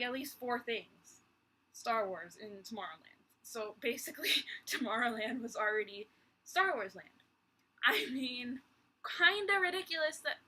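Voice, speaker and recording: A woman's voice: high-pitched, bright, forceful tone, husky, rough recording. A young woman vlogging from her bedroom in a rambling, exasperated chat full of sighs and little laughs. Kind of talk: casual chat.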